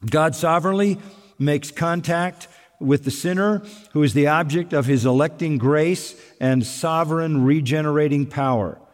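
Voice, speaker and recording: A man preaching a sermon, emphatic and repeating key words for stress. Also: fairly high pitch. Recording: long reverb of a large hall.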